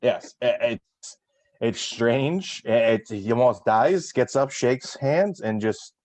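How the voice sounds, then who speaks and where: A man's voice: medium pitch, takes it slowly, darkish tone, dry recording. A man hosting a casual recap chat, rambling with many fillers and restarts. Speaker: podcast host.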